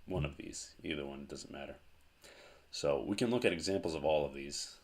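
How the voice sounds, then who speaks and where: A man teaching a language lesson at a board, explaining slowly with pauses and restarts. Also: very deep voice. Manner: slow, halting explanations with fillers and restarts. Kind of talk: whiteboard lesson.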